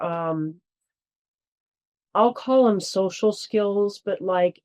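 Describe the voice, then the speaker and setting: Brief: woman guest, slow and halting, lowish voice, lots of ums. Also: a little mellow, clean tone, highs cut off. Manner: halting, many fillers and restarts. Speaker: guest, charity board member. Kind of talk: casual interview chat.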